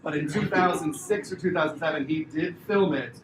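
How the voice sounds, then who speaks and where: A middle-aged man, a former talent agent, telling an animated, laughing story as a memorial tribute, with a lot of filler "like"s and self-corrections. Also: on the high side, fairly quick. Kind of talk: anecdotal eulogy storytelling. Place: indoor memorial gathering. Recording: distant mic in a reverberant room with noise.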